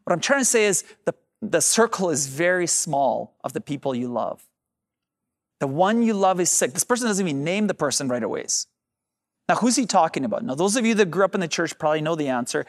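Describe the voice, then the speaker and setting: A man's voice: fairly high pitch, animated, fairly quick. A man preaching a sermon as pastor, addressing the congregation directly and drawing out key phrases for emphasis.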